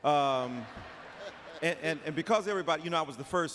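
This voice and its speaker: A man from Detroit giving an impassioned speech as a panelist, with a preacher-like cadence, repeating phrases and shouting. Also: on the high side, a little fast. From Detroit, Michigan. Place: large auditorium before live audience. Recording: echoey hall with faint noise.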